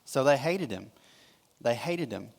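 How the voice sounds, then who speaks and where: A man with a Southern American accent preaching a casual, conversational sermon, retelling scripture with quick acted-out quotes. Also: medium pitch, animated, vocal fry. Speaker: pastor. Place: church sanctuary. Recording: long hall reverb.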